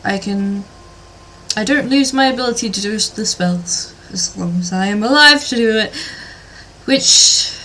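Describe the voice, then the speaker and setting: A woman voicing a sickly, reserved gothic woman mage who speaks formally and haltingly. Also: medium pitch, sharp tone, a little hiss or hum, poor audio.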